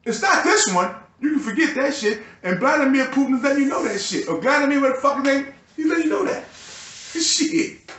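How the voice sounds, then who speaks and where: A man's voice: very high voice, expressive, brisk, fairly bright tone, echoey room, slight background noise. A man delivering a profane, agitated and bitter ranting monologue to his video channel. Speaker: YouTuber.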